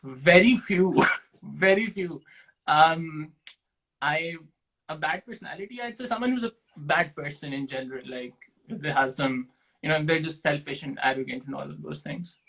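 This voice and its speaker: A young man from Pakistan sits as a guest and fields quick-fire questions. His voice is bright and forward, set a little high for a man, and he answers casually. He pokes fun at himself and thinks out loud as he goes. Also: creaky, low-quality recording. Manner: self-deprecating, thinks aloud with restarts.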